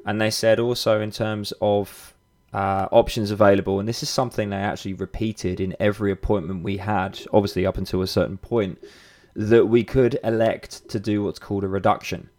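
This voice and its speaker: A podcast host in his thirties talks through a personal story in a loose, unscripted way. His voice sits somewhat low for a man. He restarts sentences often, leans on fillers, and swears casually. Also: level tone, a little fast, a little mellow.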